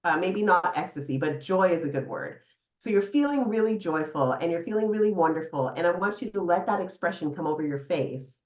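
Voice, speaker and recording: A middle-aged woman psychotherapist speaks as a podcast guest in a fairly low voice. She talks in an animated, warm-humored way and laughs easily. The sound carries the echo of a live room. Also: brisk. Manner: animated, laughs often, guides listener through exercise. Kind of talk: casual podcast interview. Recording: echoey room.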